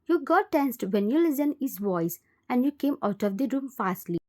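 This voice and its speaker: A woman narrating a fan fiction story in second person, in a plain, steady storytelling manner. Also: sits high, moderate pace.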